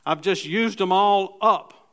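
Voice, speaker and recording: A man's voice: high-pitched, takes it slowly, fairly bright tone. A middle-aged man preaching a sermon in church, speaking in a conversational way with restarts and acted-out asides. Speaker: pastor.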